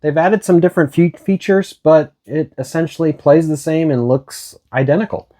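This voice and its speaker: A man's voice: fairly high pitch, normal speed, mellow. A man co-hosting a casual video game discussion, leading the talk with hesitant restarts. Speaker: co-host.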